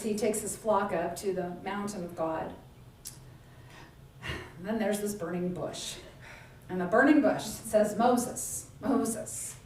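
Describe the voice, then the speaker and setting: A woman's voice: mid-range voice, a little mellow, slight background noise. A woman giving a sermon in a conversational storytelling way, often tossing in "right?" and "like". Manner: conversational storytelling, frequent 'right?' and 'like'. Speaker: minister. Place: church sanctuary. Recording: echoey church room, speaker far from the mic.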